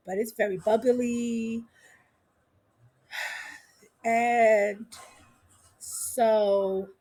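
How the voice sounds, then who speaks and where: A woman's voice: a little high, a little mellow. A woman vlogger casually recapping a show, sassy, gossipy and blunt.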